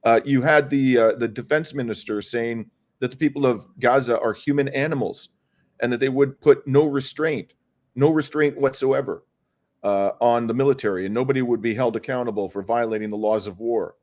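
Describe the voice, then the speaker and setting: A man's voice: mid-range voice, moderate pace, a little mellow. Impassioned middle-aged man arguing a legal case. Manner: earnest, frequent hesitations and restarts. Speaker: lawyer and activist guest. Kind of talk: impassioned interview answer.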